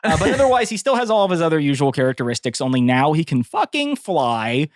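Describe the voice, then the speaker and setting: A man playing a tabletop role-playing game with friends, excitable, laughing often and swearing casually. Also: a little high, fast, dry recording, studio quality. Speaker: player.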